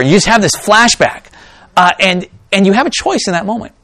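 A man's voice: high voice, fairly quick, dry recording, clean studio sound. A man preaching a sermon, reading scripture aloud and then talking to his congregation with asides and jokes. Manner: reads scripture aloud, then talks to the congregation in an animated, joking way. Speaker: pastor.

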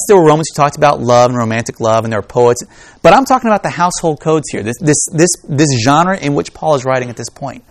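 Male Bible teacher, casual lecture, very lively pitch, dry close sound. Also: no room sound. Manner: conversational, emphatic, rhetorical questions. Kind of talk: informal lecture.

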